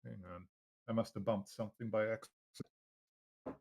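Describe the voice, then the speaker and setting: A man's voice: lowish voice, little pitch movement, unhurried, gravelly, darkish tone, slightly rough. A man running a tabletop game as game master over a video call, in an easygoing style with lots of fillers.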